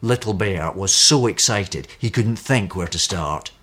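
A man reading a children's story aloud, his voice low and a little husky. He tells it expressively, with a lively, swooping pitch that rises and falls to act out the scenes. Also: a little slow.

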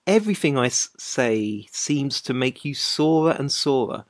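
A woman's voice: extremely low pitch, animated, measured pace, no echo, studio quality. A woman playing a flustered, pleading young man. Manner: pleading, exasperated. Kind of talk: dramatized short story reading.

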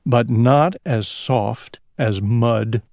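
A man voicing a small male pig who loves mud, in a slow, drawn-out storybook reading. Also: medium pitch, gravelly, a little mellow, no echo, studio quality. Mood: content.

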